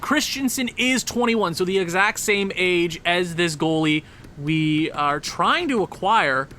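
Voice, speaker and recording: A man giving casual, rambling commentary on a hockey video game, excitable and often correcting himself. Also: high voice, unhurried, slight background noise. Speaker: gaming commentator.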